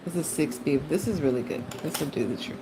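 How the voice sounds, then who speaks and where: A woman's voice: low-pitched, brisk, noisy background. A woman chatting casually with her livestream chat while she draws, laughing often. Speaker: art livestreamer.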